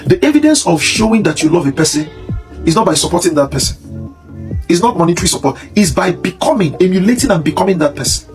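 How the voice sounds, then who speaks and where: Guy preaching his opinions at the camera, slightly high voice, keeps hammering the same point. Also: sing-song, fast talker, soft background music. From Nigeria. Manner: emphatic and preachy, repeats points. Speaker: commentary channel host.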